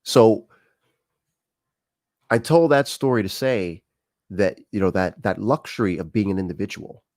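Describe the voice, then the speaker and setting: A man's voice: on the low side, expressive, unhurried, darkish tone, no echo, clean studio sound. An American man hosting a live-streamed talk show, telling personal stories in a conversational way with frequent fillers and restarts. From United States. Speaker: show host.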